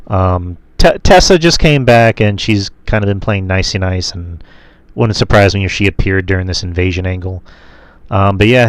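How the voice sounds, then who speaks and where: A low-pitched man talks loosely through a wrestling show review, full of "um"s and self-corrections. His voice is close and dry, with no room sound around it. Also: smooth, no room sound. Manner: rambling, many fillers and restarts. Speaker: podcast host. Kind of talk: casual wrestling review chat.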